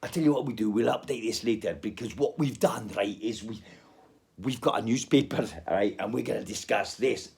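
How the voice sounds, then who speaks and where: A man's voice: fairly low pitch, moderate pace, creaky, darkish tone, husky. A man hosting his own show, telling a crude story in a rambling comic monologue full of swearing. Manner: crude, swearing, jumps between put-on accents. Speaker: podcast host.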